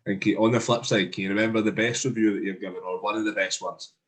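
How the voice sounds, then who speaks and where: Man, podcast host, very deep voice, brisk, probing questions. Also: fairly even intonation, a bit bright. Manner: probing, prompting. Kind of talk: interview questions.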